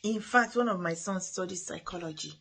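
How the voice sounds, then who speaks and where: A woman's voice: fairly low pitch, a little fast, vocal fry, fairly bright tone, husky. A middle-aged woman hosting a parenting talk, giving earnest advice with frequent restarts. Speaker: parenting podcast host. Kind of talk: motivational talk.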